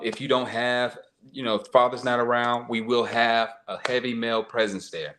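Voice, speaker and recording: Guest on a live-stream talk, man, low voice, earnest, filler-heavy. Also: a bit bright.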